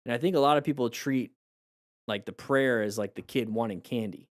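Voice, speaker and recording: A hoarse man chatting live with his viewers, in a mid-range voice that sounds close and dry. He muses in a reflective, rambling way and keeps restarting his sentences as he works out his thoughts. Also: mid-range voice, a little fast, no echo. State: voice going hoarse. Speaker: motorcycle riding coach streaming live. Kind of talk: casual live-stream chat with viewers.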